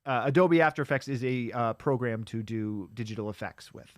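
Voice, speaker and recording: A man's voice: mid-range voice, brisk, no room sound, clean studio sound. A man co-hosting a casual podcast, animatedly retelling a bad movie with frequent laughs and "uh" fillers. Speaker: podcast co-host. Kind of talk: casual movie-riffing chat.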